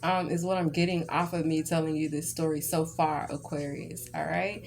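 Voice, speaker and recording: A woman's voice: low voice, little pitch movement, normal speed, creaky, a little mellow. A woman who reads tarot, telling a rambling story in a chatty, ranting way and checking in with "okay?" again and again. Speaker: tarot reader. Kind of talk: casual storytelling tarot reading.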